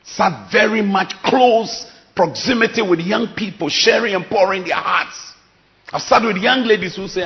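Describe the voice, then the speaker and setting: A middle-aged man delivers a sermon in a slightly raised voice. He preaches emphatically, swinging from loud declarations to hushed lines for drama. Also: high-pitched, normal speed. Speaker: pastor.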